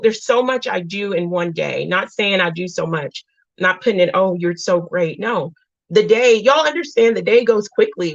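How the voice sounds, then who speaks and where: A woman's voice: medium pitch, a bit bright, dry recording, lo-fi sound. A woman in her thirties, a single mom, hosting a casual livestream and talking earnestly to her viewers. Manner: earnest, talks to chat as "y'all". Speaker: livestream host.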